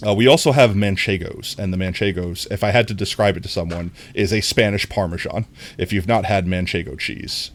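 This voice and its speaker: Young male streamer, low voice with a bouncy up-and-down delivery, rambling, chatty, self-correcting, casual gameplay talk. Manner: excitable when greeting viewers. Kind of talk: casual gaming livestream chat.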